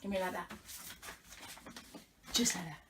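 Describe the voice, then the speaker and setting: A woman's voice: on the low side, measured pace. A woman vlogger chatting casually while she assembles furniture at home, teasing the person filming her. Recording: distant mic with clear background noise.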